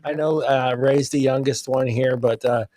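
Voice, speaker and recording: A man hosts a casual sports podcast with a relaxed, rambling manner. His voice is mid-pitched, and it sounds dry and close to the mic. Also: moderate pace, dry recording. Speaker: podcast host. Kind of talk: casual show sign-off.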